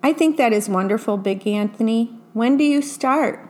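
A woman's voice: on the high side, moderate pace, darkish tone, natural voice. A woman voicing a kindly old grandmother witch who talks in a motherly way. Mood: soothing.

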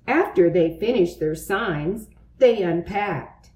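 A woman narrating a children's storybook aloud, in an expressive, lively way. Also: medium pitch, slow, roomy sound.

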